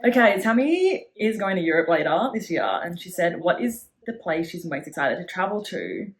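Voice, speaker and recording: A woman's voice: lowish voice, sing-song, moderate pace. A young woman guesting on a podcast, chatting easily with her best friend, agreeable and full of fillers. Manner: easygoing, agreeable, lots of "yeah" and "like". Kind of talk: casual chat. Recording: roomy echo.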